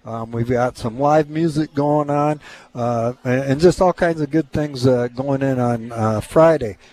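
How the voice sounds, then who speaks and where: Friendly man with many halting fillers. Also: medium pitch, dark tone, no echo, rough recording. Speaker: local festival organizer. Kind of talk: casual radio interview.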